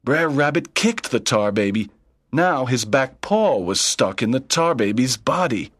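A man's voice: mid-range voice, very animated, unhurried, fairly bright tone, dry recording. A man reading a children's story aloud in plain, simple sentences. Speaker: narrator. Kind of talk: slow read-aloud storytelling.

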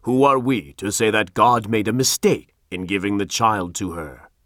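A man's voice: on the low side, normal speed, a bit bright, no room sound, clean studio sound, close to an everyday voice. A man voicing a frail young reverend in an audiobook, with a powerful, trembling voice. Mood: impassioned plea.

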